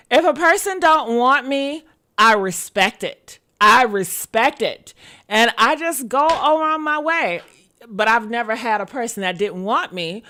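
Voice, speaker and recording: Loud, bright-voiced woman host. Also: high-pitched. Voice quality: loud, yelling, playful. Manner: swings between loud outbursts and a quieter put-on mature tone. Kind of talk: casual live-stream commentary.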